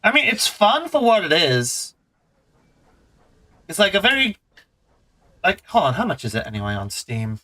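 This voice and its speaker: A man streaming a relaxed game, chatting in a rambling, playful, self-mocking way. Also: high voice, moderate pace, long pauses, low-quality recording. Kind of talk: casual gameplay commentary.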